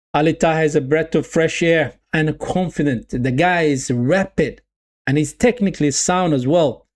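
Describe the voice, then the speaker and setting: A man giving live football watch-along commentary, getting excited at the play, repeating his phrases and reading chat messages aloud. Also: fairly high pitch.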